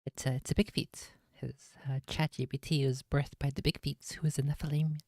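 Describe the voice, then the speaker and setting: A streamer commenting on a clip with wry, joking asides in a gravelly voice. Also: medium pitch, level tone, fairly quick, a little mellow, no echo, clean studio sound.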